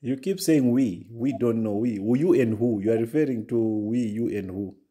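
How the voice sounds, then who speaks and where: A man hosting a live call, answering calmly and dismissively, sometimes mocking the caller. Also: mid-range voice, normal speed, slightly rough. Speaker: host.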